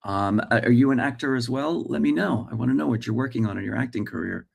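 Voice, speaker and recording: A man's voice: medium pitch, quick pace, creaky, breathy edge. A man in his forties from Australia, speaking American with Australian traces, chatting live as host and reading viewer comments with many fillers.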